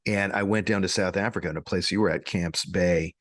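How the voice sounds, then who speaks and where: A man co-hosting a podcast, telling a story in a casual, animated way, often laughing and restarting his sentences. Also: low voice, fairly quick, no echo, clean studio sound. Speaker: podcast co-host.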